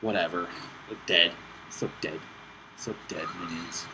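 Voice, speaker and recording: A young man hosting casual gameplay commentary, excitable and self-mocking, swearing often while playing on a laptop with friends nearby. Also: deep voice, a little slow. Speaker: gaming channel host. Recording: steady background noise with mouse clicks.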